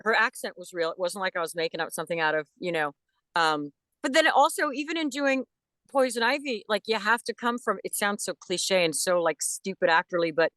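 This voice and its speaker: A woman who is a voice actress, chatting as a guest in an interview with enthusiastic, animated talk and frequent restarts. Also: mid-range voice, brisk, no room sound. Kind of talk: casual interview chat.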